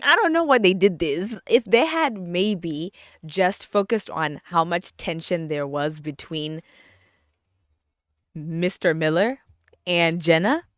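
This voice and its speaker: This young woman hosts a casual solo podcast, sounding bubbly and chatty as she laughs often and repeats words for emphasis. Her pitch is fairly low and her pace slow, with a fairly bright tone captured in clean, echo-free studio sound.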